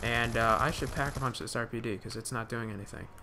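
A man's voice: mid-range voice, fast talker, background noise. A young man giving live gameplay commentary, rambling with many fillers and restarts, swearing when startled. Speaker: gaming commentator.

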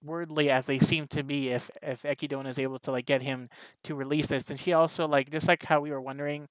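A man's voice: fairly high pitch, level tone, fairly quick, no room sound. A man reviewing an anime episode in casual, rambling talk, full of "like" and restarts. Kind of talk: casual reaction commentary.

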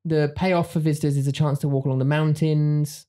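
A man from England with an English accent, co-hosting a casual chat podcast, talking haltingly with many restarts. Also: on the high side, flat delivery, mellow. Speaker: podcast co-host.

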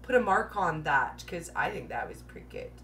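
A woman's voice: low voice, very animated, normal speed, a bit bright, a little hiss or hum. A woman hosts a casual live-stream chat, rambling through playful jokes and breaking into giggles at her own humor. She peppers her speech with 'like' and keeps a light, teasing tone. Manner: joking, chatty, laughs often at her own jokes; filler-heavy, says 'like' constantly. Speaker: host of a live keto Q&A.

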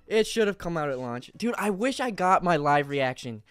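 Breathless, excitable young man streaming. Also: on the high side, normal speed, clean tone, no echo, soft background music. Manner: excitable, rambling, loud bursts of enthusiasm. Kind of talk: excited live reaction stream.

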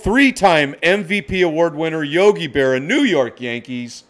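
A man hosting a live card-break stream, excitedly calling out each card and greeting viewers by name. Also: on the high side, fairly quick, few pauses.

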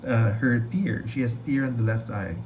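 A man hosting a trailer reaction video, gushing excitedly, rambling and swearing freely. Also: mid-range voice, moderate pace, slight background noise.

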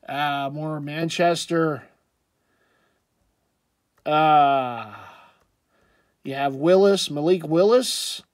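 A man with a slightly high voice talks his way through sports jerseys in a loose, rambling vlog. He drifts between comments and throws in jokey asides. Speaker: sports jersey collector vlogger. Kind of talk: casual commentary.

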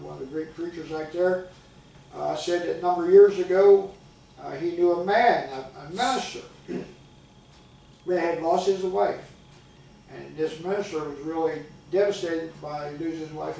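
Heard from a distance in an echoey church sanctuary recording with a little hiss or hum, an older preacher tells folksy stories and calls out to the congregation. His voice runs on the high side, dark in tone with vocal fry.

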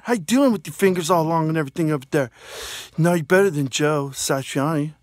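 A man rambling through goofy shout-outs in a comedic vlog, recorded on a phone. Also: fairly high pitch, brisk, dry recording, clean studio sound. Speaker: vlogger.

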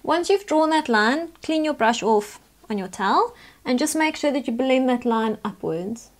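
A woman's voice: high-pitched, lively intonation, moderate pace. A woman, chattily talking through a makeup tutorial step by step as the host. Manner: chatty, instructive, talks through each step.

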